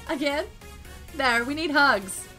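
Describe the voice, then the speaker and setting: A woman streaming a game, chatting casually and excitably, greeting and thanking her viewers. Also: high voice, takes it slowly, faint music behind. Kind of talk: casual live-stream chat while gaming.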